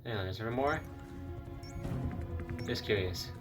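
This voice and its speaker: A man reacts to a game in an animated, swooping voice, excitedly talking back to the screen. He sits a little back from the mic, with loud game music behind him. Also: on the low side, takes it slowly, distant mic. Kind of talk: casual game reaction commentary.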